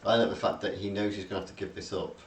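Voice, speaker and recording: This is a very low-voiced man with a gravelly, creaky edge, chatting loosely about a film and hunting for words as he goes. He sits some way back from the mic in a roomy space. A faint hiss hangs behind him. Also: little pitch movement, rapid-fire. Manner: rambling, hesitant, recounting plot with many fillers. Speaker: podcast co-host. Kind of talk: casual film discussion. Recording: roomy, distant mic, faint background noise.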